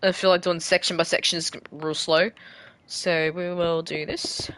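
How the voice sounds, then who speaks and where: A woman giving casual gameplay commentary while she builds, rambling and self-deprecating, often trailing off quietly. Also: lowish voice, flat delivery, normal speed, noisy background. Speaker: gaming creator.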